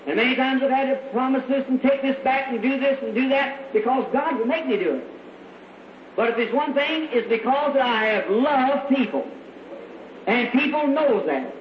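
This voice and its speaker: A man's voice: extremely high pitch, animated, normal speed. A man preaching a sermon in a fervent, folksy way, calling out to a church congregation. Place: church meeting hall. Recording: echoey, dull old hall recording.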